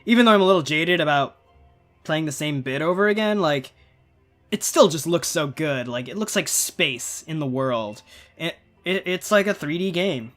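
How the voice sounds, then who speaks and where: A man's voice: fairly high pitch, animated, moderate pace, a bit bright, soft background music. A man in his twenties giving rambling, casual commentary while playing a video game. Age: 20s. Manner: chatty, rambling, laughs often. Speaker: gaming video creator. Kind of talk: casual let's-play commentary.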